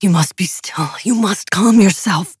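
A woman voicing a frightened young man who speaks in a hushed, urgent way in an audiobook. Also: medium pitch, measured pace, husky, no room sound, clean studio sound. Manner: hushed, whispering.

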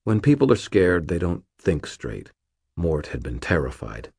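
Deep husky-voiced male narrator. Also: huge pitch swings, a little slow, a little mellow, no echo, clean studio sound. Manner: wry, terse, hard-boiled. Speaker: audiobook narrator. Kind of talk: first-person scripted narration.

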